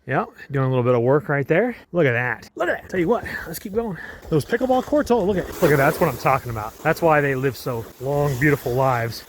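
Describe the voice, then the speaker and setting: A man talking in a casual, rambling vlog style as he skis, enthusiastic, speaking warmly about his faith. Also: mid-range voice, slight background noise. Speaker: travel vlogger. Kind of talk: casual vlog narration while skiing. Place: outdoors on a ski mountain.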